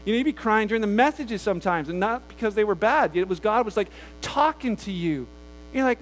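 A man's voice: high-pitched, lively intonation, brisk, a little hiss or hum. A man preaching a casual, conversational sermon as pastor, often acting out quoted voices.

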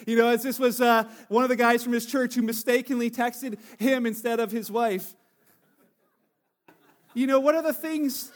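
A man's voice: very high voice, fairly even intonation, moderate pace. A man giving a chatty sermon full of jokes and stories, with many fillers and restarts, from Canada. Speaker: pastor.

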